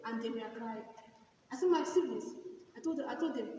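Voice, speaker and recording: A woman's voice: on the high side, brisk, pauses often, warm tone, slight background noise. A young woman giving an earnest church testimony, growing fervent. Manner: earnest, rising to fervent exclamations. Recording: echoey hall from far off.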